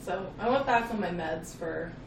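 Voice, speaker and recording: A woman's voice: fairly low pitch, moderate pace, vocal fry. Distant woman telling stories in a roomy space. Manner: animated storytelling, laughing, frequent "like". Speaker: podcast co-host. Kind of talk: casual chat. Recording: roomy, off-mic, noisy.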